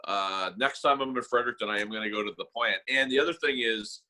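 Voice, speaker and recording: Bright-voiced man hosting casual chat. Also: medium pitch, fast talker, low-quality recording.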